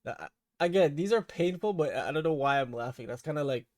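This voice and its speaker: A man's voice: fairly high pitch, lively intonation, quick pace. A man hosting a casual reaction video, laid-back, swearing freely and laughing often. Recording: loud background noise.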